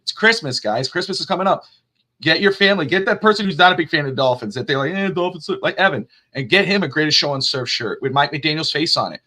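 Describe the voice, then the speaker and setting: Lively, bright-voiced male sports host. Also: a little high. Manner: rambling, jokey, quick to laugh. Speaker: podcast host. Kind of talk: casual sports talk show.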